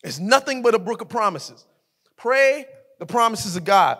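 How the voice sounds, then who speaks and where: A man preaching a sermon as co-pastor, in a colloquial way that repeats words, often building to shouts. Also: sits high, expressive, normal speed. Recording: long hall reverb.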